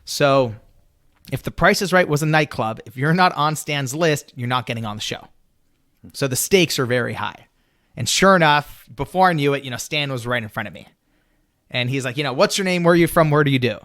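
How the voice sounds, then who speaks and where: A man telling a story as a podcast guest, animated and full of "you know" fillers. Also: medium pitch, normal speed.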